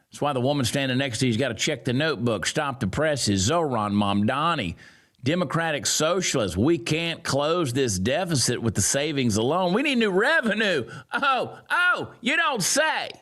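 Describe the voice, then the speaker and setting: A man giving sarcastic, mocking political commentary, swinging from loud jeers down to low grumbles. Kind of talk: ranting commentary.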